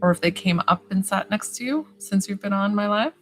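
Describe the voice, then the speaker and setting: A woman's voice: mid-range voice, a little fast, poor audio. A woman, a psychic healer, chatting casually and bubbly on a live stream, greeting viewers by name. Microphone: phone camera. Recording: live stream with music playing behind. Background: music.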